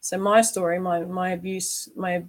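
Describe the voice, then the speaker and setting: A woman's voice: fairly low pitch, little pitch movement, normal speed, poor audio. A woman hosting a candid conversation, earnest and reflective, often asking "right?". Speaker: host.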